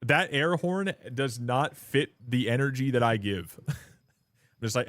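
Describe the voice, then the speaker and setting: A man streaming a game live, chatting casually and rambling, swearing often and getting loud and hyped when thanking viewers. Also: medium pitch, animated, a little slow, no room sound, studio quality. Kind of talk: casual live-stream chat while gaming.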